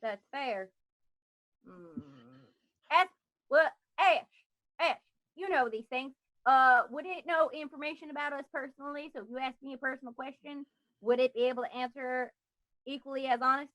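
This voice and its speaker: Female player; sassy, dramatic in-character delivery, high pitch. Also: moderate pace, a bit bright, poor audio. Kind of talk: tabletop role-play in character.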